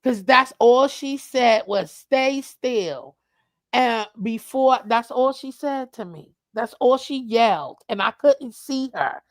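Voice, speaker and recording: A woman telling a lively, profane story in casual chat, calling her listener "child". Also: a little high, slow pace, no room sound. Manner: animated storyteller, swears freely, calls listener "child". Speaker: streamer, co-host. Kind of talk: casual chat while crafting.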